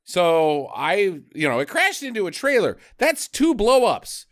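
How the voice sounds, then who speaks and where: A man on a casual movie-riffing podcast, talking with a lively, swooping pitch. He mocks the film's lines in a gruff, profane put-on voice and keeps the chat sarcastic and loose. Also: unhurried. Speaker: podcast co-host.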